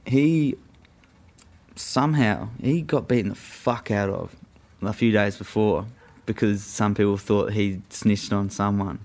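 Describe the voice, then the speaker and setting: A young man tells a story in a loose, rambling way, swearing often and leaning on fillers. His voice sits a little low and has a gravelly, crackly edge. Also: a little slow, a little mellow. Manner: profane, rambling, full of fillers. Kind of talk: casual storytelling.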